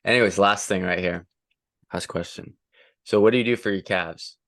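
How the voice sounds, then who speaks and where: A man hosting a podcast, asking questions in a relaxed, joking way. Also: sits low, moderate pace, creaky, no echo, clean studio sound. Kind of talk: casual podcast chat.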